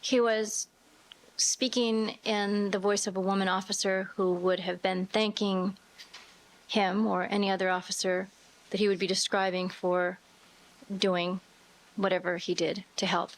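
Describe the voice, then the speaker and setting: A woman's voice: mid-range voice, flat delivery, measured pace, poor audio. A woman testifying in court, giving brief and formal answers. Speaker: witness.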